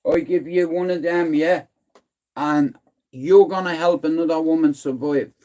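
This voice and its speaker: Slight background noise sits behind a middle-aged Irish man from Dublin chatting casually on his livestream. His voice is fairly high and warm, with fairly even intonation and a measured pace, yet he's rambling, blunt and full of swearing, repeatedly telling viewers "listen".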